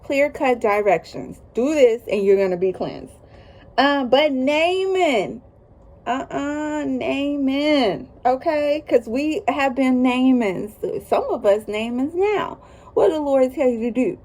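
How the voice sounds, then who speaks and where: A woman's voice: high-pitched, expressive, unhurried, dark tone. Chatty woman teaching Bible stories. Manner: conversational, folksy asides and emphatic repetition; reads scripture aloud then comments. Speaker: Bible study host.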